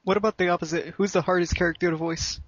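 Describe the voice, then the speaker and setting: A man's voice: high-pitched, steady tone, fast, a bit bright, no room sound, lo-fi sound. A man asking short, direct interview questions.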